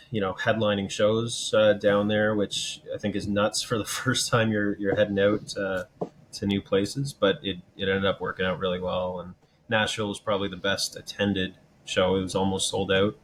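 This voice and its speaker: Low-voiced male band member, even and unhurried in a casual interview, faint hiss behind. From Canada. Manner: steady, thoughtful, many "um" and "you know".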